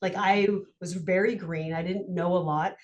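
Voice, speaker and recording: A woman's voice: on the low side, steady tone, muffled recording. A woman who works as a parking enforcement officer, talking candidly in an interview. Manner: candid, chatty, quick laughs. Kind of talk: conversational interview.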